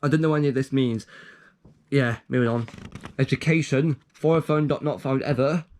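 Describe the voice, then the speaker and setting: A man's voice: mid-range voice, steady tone, fairly quick, darkish tone, a little hiss or hum. A young man casually reading out his own joke documents, rambling and trailing off with self-aware asides. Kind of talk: casual commentary.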